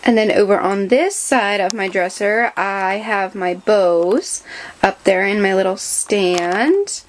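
A woman's voice: mid-range voice, slow pace, slight background noise. A young woman vlogger giving a casual tour of her bedroom, filming with a handheld camera as she moves around and chats in a rambling way with lots of fillers. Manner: chatty, rambling, many fillers. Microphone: handheld camera, moving around.

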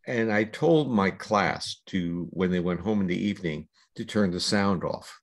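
Gravelly, husky older man explaining. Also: sits low. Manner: measured, lecturing with long explanations. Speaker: guest scientist. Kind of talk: explanatory interview talk.

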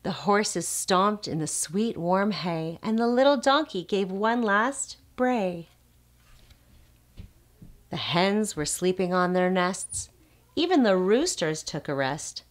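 A woman's voice: mid-range voice, lively intonation, slow. A woman speech therapist reading a picture book aloud to small children, asking the child questions and making animal sounds.

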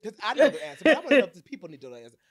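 A man's voice: high-pitched, big pitch swings, racing, crowd noise. A man hosting a podcast, teasing his guest playfully in casual chat. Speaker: podcast host.

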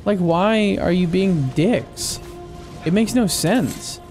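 A man's voice: high-pitched, animated, slow pace, a little mellow. A young man giving casual let's-play commentary, trash-talking enemies with lots of swearing and joking asides. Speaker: gaming channel host. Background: game music and combat sounds.

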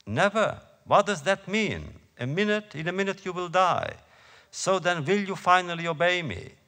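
A man voicing a brutal German camp officer who taunts and shouts threats, in a hall with long reverb. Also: mid-range voice, steady tone, moderate pace, close to an everyday voice. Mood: taunting fury. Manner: harsh, taunting, rising to shouts.

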